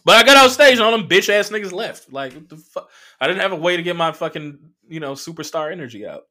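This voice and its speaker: A man's voice: high voice, sing-song, fast, bright, forceful tone. A man hosting a comedy podcast, telling a story in a casual monologue, laughing and swearing as he acts out quotes.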